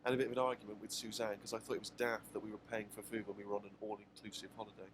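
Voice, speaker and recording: Deadpan Englishman reading his diary. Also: on the low side, rapid-fire. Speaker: diary writer reading on a radio show. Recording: clip with clear background noise.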